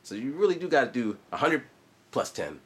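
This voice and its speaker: A man in his forties, both musician and vlogger, chats in a loose casual way with plenty of asides. His mid-range voice swings widely in pitch, has a breathy edge, and moves at a brisk pace.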